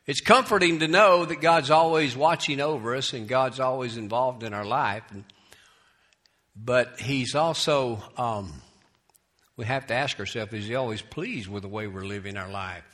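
Pastor, male, bright tone; folksy preacher, soft asides and emphatic scripture reading. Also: mid-range voice, normal speed. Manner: folksy, tells jokes and restarts phrases. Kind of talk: sermon.

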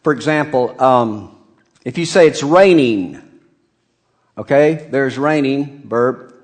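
A man preaching a sermon to his congregation, telling a Bible story with lively emphasis and occasional chuckles. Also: mid-range voice, takes it slowly. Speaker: pastor.

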